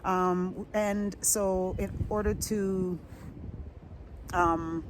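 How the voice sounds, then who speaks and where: A woman's voice: on the low side, fairly even intonation, drawn-out words, noisy background. A woman, talking in a rambling, chatty vlog monologue outdoors. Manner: warm, chatty, rambling with restarts. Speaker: vlogger.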